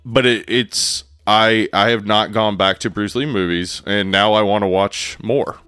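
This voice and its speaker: Relaxed, rambling male podcast co-host. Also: on the low side, a little slow, smooth, dry recording, studio quality. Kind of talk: casual chat.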